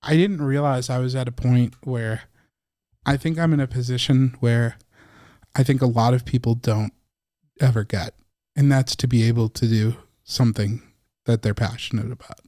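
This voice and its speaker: A podcast co-host in casual chat, talking in a hesitant, reflective way. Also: male voice, mid-range voice, fairly even intonation, moderate pace, warm tone, no echo, clean studio sound.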